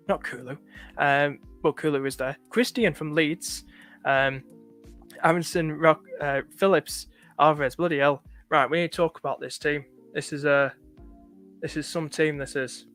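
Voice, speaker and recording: A man from the north of England talks casually on a live stream, his northern accent light. His voice sits a little high, and he keeps thanking viewers, with many fillers and restarts. Faint music plays in the background. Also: fairly even intonation, moderate pace, fairly bright tone. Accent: northern English, light. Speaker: livestream host.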